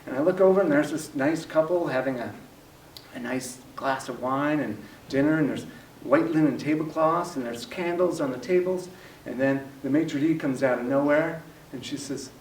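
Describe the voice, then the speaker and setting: Man, storyteller, animated, laughing at himself, roomy echo, distant mic. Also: on the high side, normal speed. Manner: animated, self-mocking, laughing. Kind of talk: personal story told to a live audience. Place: library workshop room. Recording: echoey room, distant mic, faint noise.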